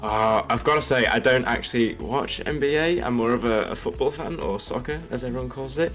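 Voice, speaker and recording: A man's voice: medium pitch, fairly bright tone, soft background music. A man from England with a general English accent and a slight Australian twang, co-casting esports and breaking down plays analytically. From Liverpool, England. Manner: quick, analytical. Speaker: co-caster. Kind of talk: esports commentary.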